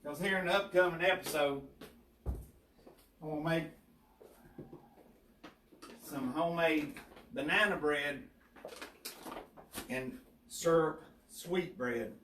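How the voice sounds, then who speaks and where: A man's voice: on the high side, slow, pauses often, a bit bright. Folksy Southern man in an echoey kitchen. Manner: folksy, easygoing, explains step by step. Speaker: home cook, co-host. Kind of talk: casual cooking demonstration. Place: home kitchen. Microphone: distant mic. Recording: echoey kitchen with far-off mic and faint hiss.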